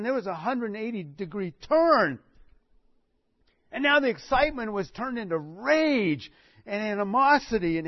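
A man's voice: on the high side, no room sound. A man preaching a sermon, telling the story with animation and acting out what people said. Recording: dull dry recording.

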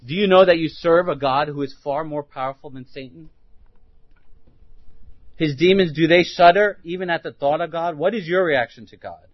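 A man's voice: on the high side, normal speed, no echo, highs cut off. Man preaching a sermon, questioning listeners. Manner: asks the listeners many rhetorical questions; restarts and repeats words while thinking aloud.

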